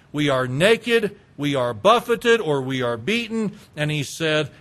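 A male preacher delivering an expository sermon, slow and emphatic, stacking repeated phrases. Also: sits high, fairly bright tone.

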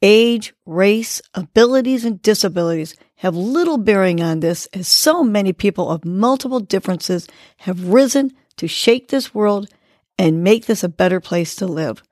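A woman hosting a podcast, leading a guided breathing exercise and giving a gentle, encouraging pep talk. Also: medium pitch, expressive, moderate pace, no room sound, clean studio sound. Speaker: podcast host.

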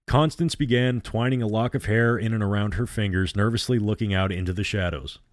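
A man reading a novel aloud as a storyteller, measured and dramatic. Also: lowish voice, no echo, clean studio sound. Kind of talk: audiobook-style reading of a novel.

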